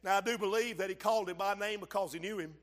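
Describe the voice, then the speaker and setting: Fervent high-voiced preacher. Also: male voice, fast talker. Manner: fervent preaching, swells to shouts and drops low, calls to the congregation. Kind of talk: sermon. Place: church sanctuary. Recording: long hall reverb.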